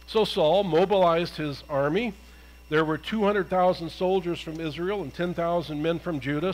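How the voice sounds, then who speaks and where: A man's voice: sits high, rough recording. A male pastor giving a conversational sermon, retelling a Bible story and asking his congregation questions.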